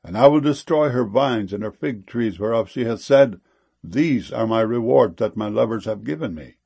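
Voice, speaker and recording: A man giving a solemn scripture reading in a slow, measured way. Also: mid-range voice, gravelly, dark tone, slightly rough, highs cut off. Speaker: scripture reader.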